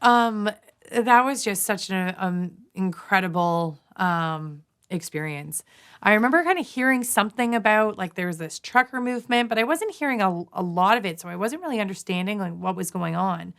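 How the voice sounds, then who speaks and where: A woman's voice: mid-range voice, expressive, normal speed, a bit bright, smooth. A woman from Canada, in her thirties, telling a long personal story in a casual interview, full of fillers, restarts and quoted asides. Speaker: guest, nurse.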